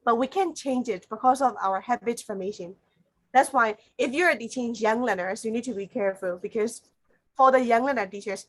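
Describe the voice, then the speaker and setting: Woman lecturing teachers online, kinda high voice, lots of uh and how to say. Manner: explains slowly with many fillers. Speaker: teacher trainer.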